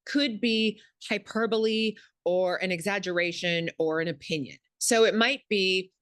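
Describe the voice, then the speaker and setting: Speaking at a measured pace in a mid-range voice, a woman takes part in an interview as a communication expert. She explains things step by step and animatedly acts out snippets of example dialogue. The studio sound is clean, with no room sound at all.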